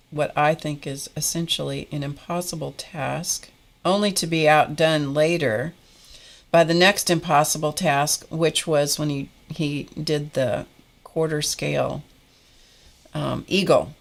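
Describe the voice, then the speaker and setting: A woman with a low voice talks slowly and easily while she paints on a live stream. She drifts into long personal stories, then breaks off to greet viewers in the chat by name. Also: gravelly. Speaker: art instructor hosting a live painting stream.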